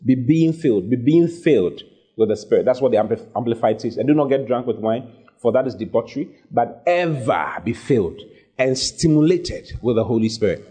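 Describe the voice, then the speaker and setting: A man preaching a sermon with a mellow, slightly husky voice. His delivery swoops up and down with energy as he hammers home repeated lines. He reads scripture aloud between his urgings. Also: mid-range voice, lively intonation, brisk.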